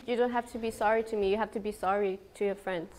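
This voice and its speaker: A woman's voice: medium pitch, steady tone, fast talker, very noisy. A woman mentor coaching trainees on a talent show, blunt and repeating short commands. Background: loud pop music from the show.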